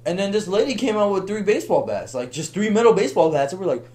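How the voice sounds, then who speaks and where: A young man telling a long story on a podcast in a casual, animated way, laughing and acting out the voices of the people in it. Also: high-pitched, fast. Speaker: podcast guest.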